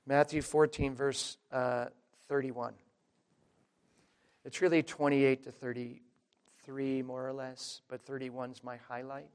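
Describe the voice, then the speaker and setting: A man preaching a sermon in an emphatic, conversational way, talking straight to the listeners and swinging between loud and quiet. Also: medium pitch, flat delivery, slow pace, long pauses, smooth. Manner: addresses listeners directly as folks.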